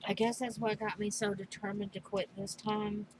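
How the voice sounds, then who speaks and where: A middle-aged mother chatting casually while crafting, slow and halting, speaking with emotion. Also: mid-range voice, flat delivery, noisy background. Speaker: crafting vlogger.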